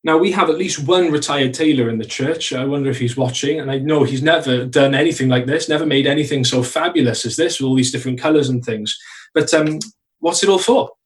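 Man preaching in church, from a distance. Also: medium pitch. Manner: earnest, slows to stress key phrases. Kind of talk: sermon.

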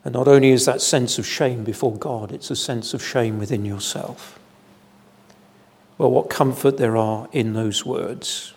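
A man preaching an evening sermon in a church, measured and deliberate, with solemn emphasis. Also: mid-range voice, steady tone, a little mellow. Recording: long hall reverb.

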